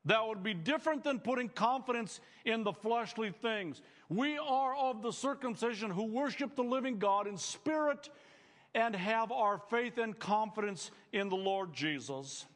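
A man's voice: high voice, lively intonation, unhurried, fairly bright tone, long reverb tail. A male pastor preaching a sermon to students, earnest and emphatic, building phrases up as he speaks.

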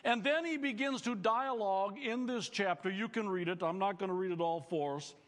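A man's voice: sits high, brisk, big-room sound. A male pastor preaching a sermon to students, earnest and emphatic, building phrases up as he speaks.

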